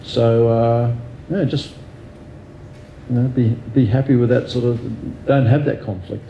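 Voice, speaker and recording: A man's voice: mid-range voice, fairly even intonation, unhurried, roomy sound, highs cut off, slight background noise. An Australian man speaking as an interview guest, candid and self-deprecating, thinking aloud with fillers and restarts. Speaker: guest neurosurgeon.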